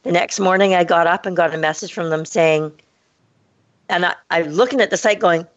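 Woman, storyteller, animated, acts out dialogue, lower voice, dull dry sound. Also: moderate pace, no room sound. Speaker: podcast co-host telling a story. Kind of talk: casual storytelling chat.

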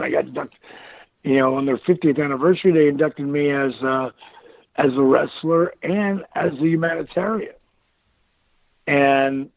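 Gravelly-voiced man on a tinny phone line. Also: a little high, no echo. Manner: rambling, animated storytelling with frequent laughs. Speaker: interview guest, former wrestler. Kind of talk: casual interview chat.

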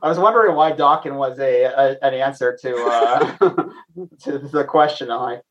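A man chatting casually as a quiz contestant, relaxed with dry humor. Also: mid-range voice, normal speed, muffled recording. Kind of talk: casual podcast chat.

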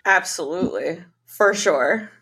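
A woman's voice: on the low side, expressive, unhurried, fairly bright tone, slightly rough. A woman hosting an interview show, talking frankly and casually and now and then swearing lightly. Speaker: interview host. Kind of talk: conversational interview.

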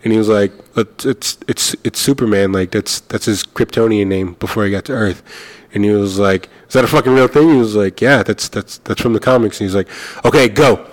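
A young adult man telling a story in casual chat, animated and swearing, acting out the other people's lines. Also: on the low side, fairly quick.

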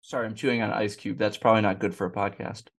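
A man's voice: on the low side, steady tone, racing. A man hosting a casual podcast interview, asking friendly questions. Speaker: podcast host.

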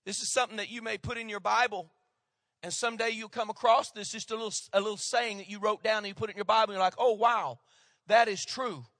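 A male pastor preaching a sermon, swinging between loud emphatic lines and hushed asides. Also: sits high, flat delivery, quick pace, no room sound, studio quality.

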